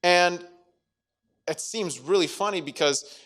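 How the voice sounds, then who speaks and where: A man's voice: sits high, slow pace, fairly bright tone. A man giving a youth sermon in a playful way, acting out scenes and joking between scripture readings. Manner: playful, acts out dialogue with jokes. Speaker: youth speaker.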